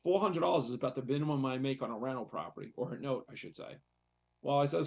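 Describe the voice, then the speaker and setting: A man's voice: medium pitch, lively intonation, fast, gravelly, darkish tone. A man, a real estate investor and coach, speaking candidly and conversationally on a talk show, repeating himself as he tells a personal story. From United States.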